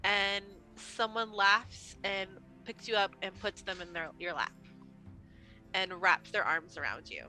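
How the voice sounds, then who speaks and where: Slow, bright-voiced woman narrating. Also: mid-range voice, faint music behind, rough recording. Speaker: game master. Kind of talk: narrating a tabletop role-playing game.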